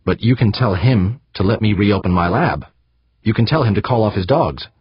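A man voicing a sharp-tempered woman scientist who barks her demands with indignation. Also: on the low side, expressive, moderate pace, slightly rough, no room sound, highs cut off, pitched above the performer's own voice. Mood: angry. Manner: barking, indignant.

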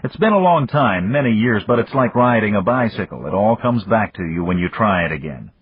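A man voicing an older man who calmly taunts his armed foe, with a husky voice on a dull, dry recording. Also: fairly low pitch, fairly quick, dry recording. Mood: taunting. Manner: taunting, raised.

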